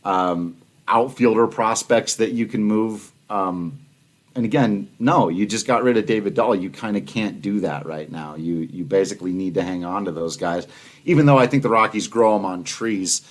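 A man co-hosting a casual sports talk show, analytical and animated, laughing easily. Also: lowish voice, moderate pace. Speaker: podcast co-host.

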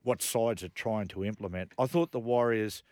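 A middle-aged radio host with a lowish voice, telling stories with animated energy. His voice is dry and close to the studio microphone. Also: normal speed, no room sound. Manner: animated storyteller, laughs through his anecdotes. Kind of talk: casual radio chat.

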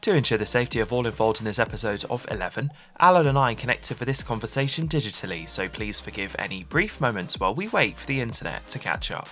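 A man's voice: lowish voice, lively intonation, fast talker, few pauses, bright, forceful tone, soft background music. A man hosting a theatre podcast, reading a scripted intro and then interviewing with effusive enthusiasm. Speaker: podcast host.

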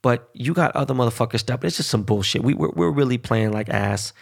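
A man's voice: medium pitch, animated, quick pace, vocal fry, breathy edge. A man in a casual, heated sports rant, swearing freely and rambling between points.

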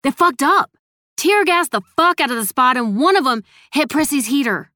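A woman voicing a young man delivering terrible news breathlessly, in a loud, urgent street-slang delivery. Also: mid-range voice, normal speed, dry recording, studio quality.

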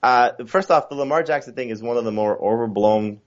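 A man's voice: mid-range voice, a little fast, lo-fi sound. A man talking fantasy football as a podcast guest, chatty and full of fillers and restarts. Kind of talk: casual podcast chat.

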